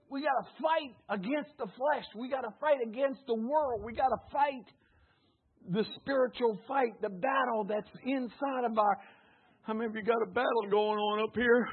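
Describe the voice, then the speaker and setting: A man's voice: sits high, breathy edge. A man preaching a sermon, exhorting his congregation in repeated phrases and calling on them to say words back. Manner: exhorting, repetitive. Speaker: pastor. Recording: tinny phone-like recording.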